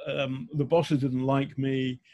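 A man's voice: medium pitch, little pitch movement, slow, mellow. A man of about sixty with a slight northern English accent, telling candid stories in an interview, blunt and self-mocking with many ums and restarts. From England. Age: 60s. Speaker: journalist guest.

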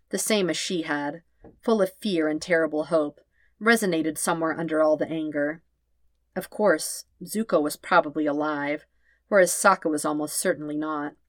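A woman narrating a story in a calm, steady voice, pitched a little low. The sound is dry and close, with no room around it. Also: no room sound. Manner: calm, steady, even reading. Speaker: podfic reader. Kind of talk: scripted narration.

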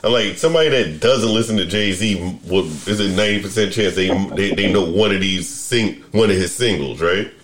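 Deep-voiced man rambling in casual podcast chat. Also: fairly quick, few pauses, a bit bright. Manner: rambling, self-interrupting, restarts sentences. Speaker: podcast host.

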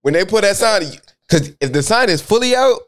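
A young man with a Mississippi accent, chatting casually as a podcast co-host, loud and animated with lots of slang. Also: high voice, fairly quick. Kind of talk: casual chat.

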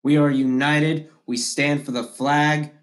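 A man hosting his own podcast. He delivers a political monologue at an unhurried, deliberate pace, hammering the same phrases again and again with combative passion. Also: on the high side, little pitch movement. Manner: impassioned, repetitive and combative. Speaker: podcast host.

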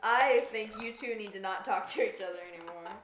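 Lady game master calming a noisy table, echoey room, people chattering. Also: medium pitch, fairly quick, crowd noise. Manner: patient, herding rowdy players, asking for calm.

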